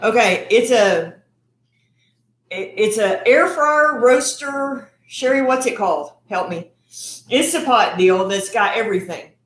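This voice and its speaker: This middle-aged woman from Texas runs a cooking channel livestream, chatting in a loose, rambling way and now and then eating mid-sentence. Her voice sits a little high, with lively intonation and a slow delivery, captured in an echoey room.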